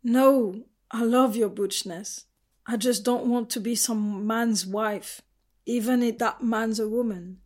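A woman's voice: fairly high pitch, fairly even intonation, takes it slowly, a little mellow. Woman narrator doing a passionate young woman, emotional and emphatic, audiobook character. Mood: earnest.

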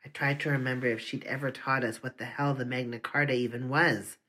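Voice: mid-range voice, steady tone, brisk, sharp tone. An audiobook narrator telling a first-person story in an earnest, confessional manner.

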